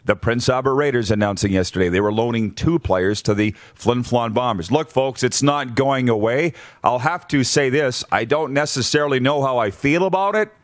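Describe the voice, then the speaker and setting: A man's voice: medium pitch, normal speed, hardly any pauses, dry recording. Blunt male sports talk host, dry sound. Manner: blunt, numbered-point rundown with frequent restarts.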